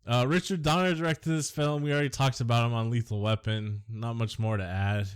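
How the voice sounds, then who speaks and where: A man's voice: medium pitch, fairly even intonation, a little fast, clear, resonant tone. A man co-hosting a casual movie podcast, joking and rambling between facts about the film. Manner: jokey, rambling, silly impressions. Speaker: podcast co-host.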